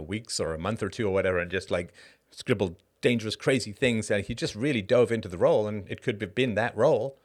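A middle-aged podcast host with a fairly low voice delivers a casual solo monologue, animated and rhetorical, punctuated by short laughs and frequent "right?" asides.

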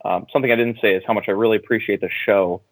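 Animated male caller telling a story. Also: on the low side, rapid-fire, no echo, rough recording. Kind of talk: casual phone-in conversation.

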